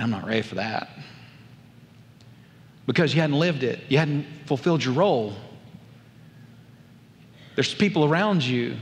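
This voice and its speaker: A man, preaching a sermon and telling a family story with animated delivery. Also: medium pitch. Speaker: pastor. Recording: long reverb of a large hall.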